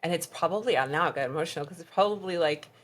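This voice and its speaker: A woman with a low, deep-set voice recounts a painful chapter of her life as a podcast guest. She talks in a conversational way, acting out what others said, and at hard moments her voice sinks to a hushed near-whisper. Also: rapid-fire. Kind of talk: emotional personal storytelling.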